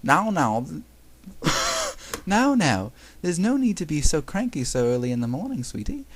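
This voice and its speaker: A man's voice: medium pitch, expressive, normal speed, lightly acted. A man voicing a sweetly mocking young woman in a put-on, clumsy British voice. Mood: sugary. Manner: sweet, mocking, talks baby talk. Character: teasing young woman in a sugary faux-British voice.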